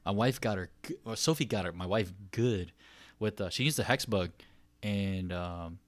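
A man's voice: lowish voice, moderate pace, dry recording. A man in his thirties co-hosting a casual podcast, telling stories with lots of laughter and acted-out quotes. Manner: animated storyteller, acts out quotes with laughs. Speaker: podcast co-host. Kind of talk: casual chat.

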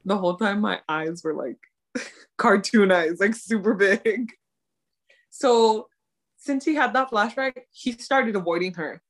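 A woman's voice: mid-range voice, unhurried. A young woman co-hosting a casual chat, talking animatedly about a drama episode and laughing between her thoughts. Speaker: co-host.

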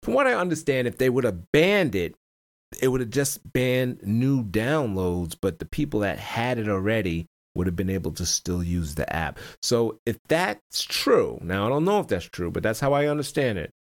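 A man's voice: lowish voice, big pitch swings, normal speed. A man hosting a casual stock-trading video, talking over his screen in a rambling way, often repeating words, backtracking and chuckling between points. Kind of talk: casual screen-share market commentary.

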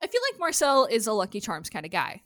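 A woman's voice: medium pitch, quick pace, no room sound, clean studio sound. A woman hosting a podcast in casual chat, recapping a show animatedly and cursing freely. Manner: animated, swears freely, acts out characters' lines. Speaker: podcast host recapping episodes.

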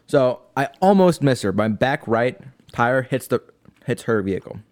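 A man's voice: mid-range voice, lively intonation, moderate pace. A young man telling a story in casual chat as a podcast co-host, laughing often.

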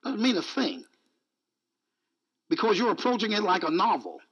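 A man's voice: high-pitched, wildly swooping pitch, normal speed, fairly bright tone, slightly rough, highs cut off. A male preacher giving an emphatic, repetitive sermon, mixing in jokes.

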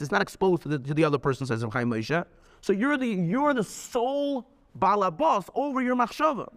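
A man teaches with animated, emphatic energy, often repeating himself as he builds a story. His voice sits a little higher than most men's. The sound rings with long reverb, as in a large hall. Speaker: Torah teacher. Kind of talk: lively lecture with storytelling.

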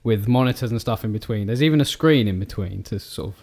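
A man's voice: lowish voice, quick pace, a little mellow. A man co-hosting a comedy podcast, telling rambling anecdotes in casual banter and laughing often. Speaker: podcast co-host.

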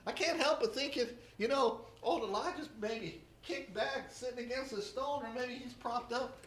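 A preacher giving a sermon, retelling a scripture story with humor and lively storytelling. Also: medium pitch, moderate pace, slight background noise. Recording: roomy echo.

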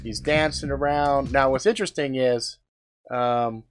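A man chatting casually on a live stream, rambling with lots of fillers and swearing, breaking into loud exclamations as he tastes snacks. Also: mid-range voice, steady tone, measured pace, faint music behind.

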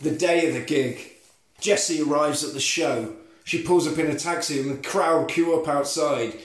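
A man telling a film's plot as a comic recap, sweary and animated. His voice sits a bit high. The room around him echoes. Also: moderate pace. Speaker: podcast co-host.

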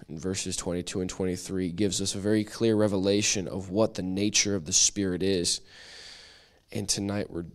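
Low-voiced man teaching Bible study. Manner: chatty and self-deprecating, with frequent restarts. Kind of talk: casual church teaching.

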